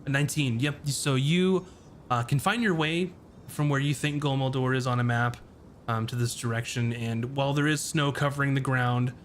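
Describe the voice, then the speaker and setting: A man's voice: medium pitch, fairly even intonation, moderate pace, a little hiss or hum. A man running a tabletop game as game master, describing scenes with frequent ums and uhs.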